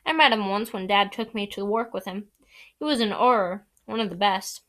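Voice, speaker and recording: A man's voice: high voice, normal speed, sharp tone. A woman reading aloud, voicing a friendly young man eagerly explaining something. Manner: chatty, explanatory.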